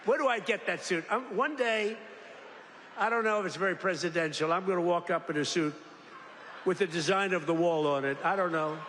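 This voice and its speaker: An older man from the United States speaks in a fairly high voice, drifting from point to point with brags and asides. His podium microphone rings through a big factory hall with a long echo and faint background hum. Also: a little fast, a bit bright. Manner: rambling, boastful, jokey, breaks into mock voices. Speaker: political speaker addressing workers. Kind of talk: off-the-cuff rally speech. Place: large factory hall, indoors.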